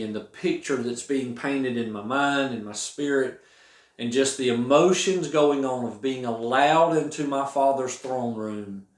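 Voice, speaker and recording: A man earnestly talking about his song at home, rambling a little with many restarts. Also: medium pitch. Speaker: singer-songwriter explaining his song. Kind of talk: casual spoken reflection. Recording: roomy echo.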